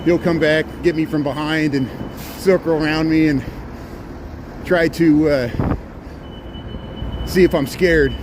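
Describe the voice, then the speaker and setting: A man's voice: on the high side, steady tone, slow pace, long pauses. A man narrating a live stream as he walks city streets, chatting and greeting viewers by name, recorded on a handheld phone. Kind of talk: casual live-stream narration while walking. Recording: loud street traffic noise.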